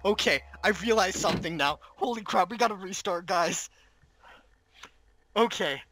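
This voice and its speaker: Flustered male gamer, high voice. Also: normal speed, bright, forceful tone, slight background noise. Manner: flustered, keeps exclaiming "oh no". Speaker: let's play gamer. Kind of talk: gameplay commentary. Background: game music.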